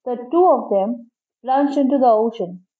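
A woman narrating a storybook in a lively, expressive first-person reading. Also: fairly high pitch, moderate pace. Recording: tinny phone-like sound.

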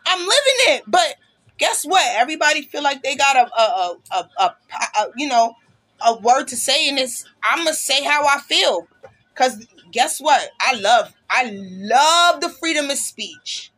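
A woman's voice: sits high, big pitch swings, a little slow, sharp tone. A woman hosting a casual podcast, talking bluntly and passionately, with plenty of swearing. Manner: blunt, profane, passionate ranting. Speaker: podcast host.

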